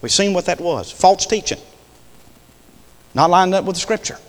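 A man preaching a fiery sermon, swinging between shouted peaks and quiet drops. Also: high-pitched, animated, normal speed. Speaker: pastor. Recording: long echo in a church hall.

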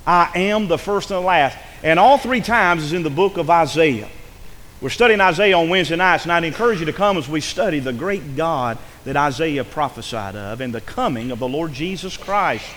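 Fervent preacher man, bright voice. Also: on the high side, lively intonation, normal speed. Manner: fervent preaching that swells into impassioned calls. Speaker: pastor. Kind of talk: sermon. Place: church sanctuary. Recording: reverberant church hall.

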